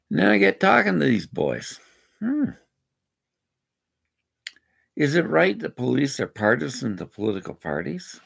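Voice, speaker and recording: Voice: mid-range voice, gravelly, slightly rough. A speaker from Canada, ranting indignantly in a rambling personal vlog. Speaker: vlogger. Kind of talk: angry personal rant.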